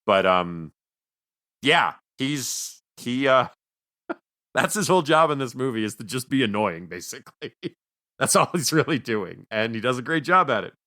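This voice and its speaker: A man's voice: mid-range voice, sing-song, measured pace, bright, forceful tone. A man co-hosting a film podcast, talking casually and rambling with self-mocking jokes. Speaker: podcast co-host. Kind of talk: casual film review chat.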